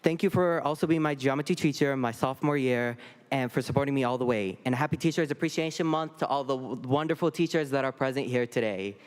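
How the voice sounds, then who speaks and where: A man's voice: medium pitch, fast, smooth. A teenage boy delivers a prepared speech thanking a teacher, earnest with touches of humor. His voice is mid-range. The sound carries a long reverb from a large hall. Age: teens. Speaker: high school senior honoring a teacher. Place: large auditorium.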